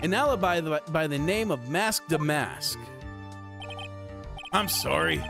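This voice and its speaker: A man doing a smug self-important detective, grandiose and theatrical, slightly raised pitch, game soundtrack playing clearly behind, video game voice. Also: expressive, measured pace, over music. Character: pompous vain male detective, smug and theatrical.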